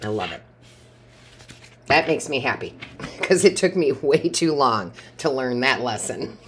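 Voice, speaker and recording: A woman with a notably deep, low-pitched voice gives a casual tarot reading. She talks in a rambling, chatty way and often laughs. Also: very animated, unhurried, slight background noise. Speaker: tarot reader.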